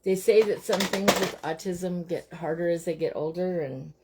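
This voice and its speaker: A woman's voice: lowish voice, fairly even intonation, moderate pace, darkish tone. A woman chatting casually with her viewers as she crafts at home, often breaking off to speak to her young children. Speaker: host of a live crafting stream. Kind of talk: casual chat while crafting.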